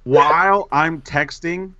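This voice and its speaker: A man co-hosting a casual podcast, telling a self-mocking story in an animated way. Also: fairly high pitch, slow, muffled recording, heavy background noise. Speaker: podcast co-host.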